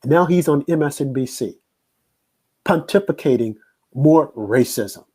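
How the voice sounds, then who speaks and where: A man's voice: a little high, animated, measured pace, warm tone, breathy edge. A man hosting a political commentary show, talking emphatically and repeating his points. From United States. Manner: emphatic, repetitive. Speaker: host.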